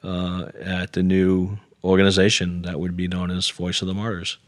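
Man, middle-aged, very deep voice, earnest storytelling, self-deprecating, dry sound. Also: completely flat delivery, moderate pace, no echo. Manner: earnest, self-deprecating, quotes others in dialogue. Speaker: interview guest. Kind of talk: conversational storytelling.

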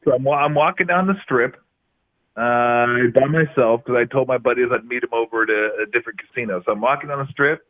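A middle-aged man, a former basketball player, tells lively anecdotes as a guest in a casual interview, laughing often. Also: mid-range voice, fairly quick. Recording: tinny phone-like line.

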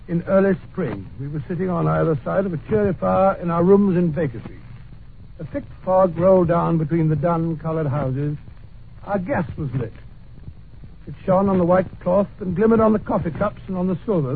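An actor playing a good-natured doctor who narrates in a 1940s radio drama, talking in an earnest, mildly exasperated way. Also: male voice, a little high, normal speed, creaky. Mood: narrating. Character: good-natured doctor, loyal male companion, middle-aged. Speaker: narrator of the story. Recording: scratchy lo-fi old radio broadcast.

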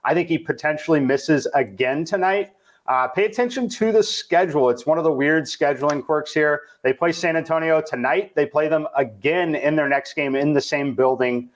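A man on a sports betting panel, laying out his analysis in a measured way with hesitant restarts. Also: on the high side. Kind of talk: casual panel chat.

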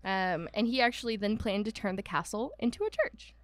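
A woman's voice: medium pitch, animated, fairly quick, dry recording. Chatty woman, dry close sound. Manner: chatty storyteller, many "um"s and asides, mock voices for quoted people. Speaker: podcast co-host. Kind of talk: casual chat about a haunted house.

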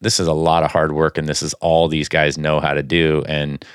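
Deep-voiced man rambling about baseball. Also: completely flat delivery, normal speed, clean tone, no echo, clean studio sound. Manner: rambling, many fillers and restarts. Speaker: sports podcast co-host. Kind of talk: casual sports talk.

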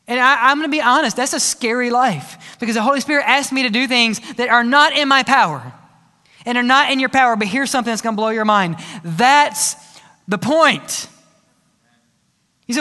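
A man preaching a sermon as pastor, telling stories in a lively way, with playful sound effects and asides. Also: high voice, normal speed. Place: church sanctuary. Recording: church hall reverb.

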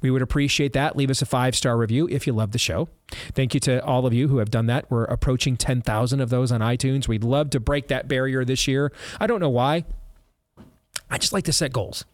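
A man's voice: mid-range voice, a little fast, no room sound. A male talk show host chatting casually and reading an ad, rambling and breaking off into asides. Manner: rambling, self-interrupting, chuckling asides. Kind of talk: casual talk radio chat and ad read.

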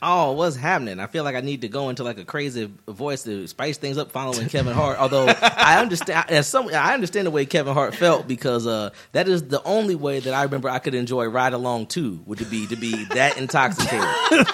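A man, a comedian guest, riffing and telling jokes in an animated way, with a Cincinnati accent. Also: mid-range voice, fairly quick. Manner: animated, riffing comic storyteller. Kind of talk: casual chat.

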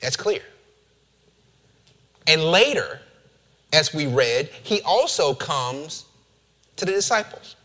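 Man, pastor, bright forceful tone, fairly high voice. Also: slow pace, long pauses. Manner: animated, playful asides to the congregation. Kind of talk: sermon with scripture reading.

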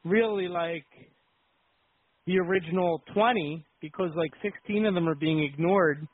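A man's voice: high voice, normal speed, no echo. A man hosting a casual wrestling chat, rambling and laughing often. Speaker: podcast host. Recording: dry, phone-like line.

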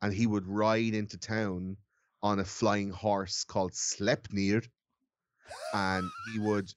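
A man's voice: fairly low pitch, flat delivery, slow, noisy background. A man casually explaining Christmas folklore on a podcast in a loose, profane way. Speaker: podcast co-host. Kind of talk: casual chat, explaining history.

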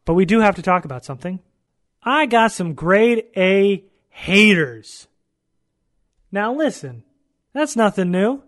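Male podcast host, mock-indignant trash talk, higher pitch. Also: very animated, measured pace, pauses often, a bit bright. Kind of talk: comedic roast monologue.

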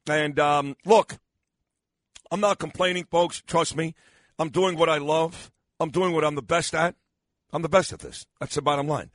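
An older man hosts a morning radio show in a studio, rambling and joking at his own expense. His voice is a little high and worn, and he sounds tired, like he is losing it. The sound is dry and close. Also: normal speed, a bit bright, no room sound. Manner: rambling, self-mocking banter with frequent fillers.

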